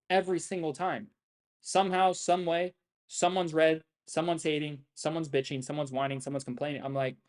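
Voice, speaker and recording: A young man ranting on a trading livestream, brash and boastful, swearing heavily and tagging lines with "right?". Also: a little high. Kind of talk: profane ranting livestream talk.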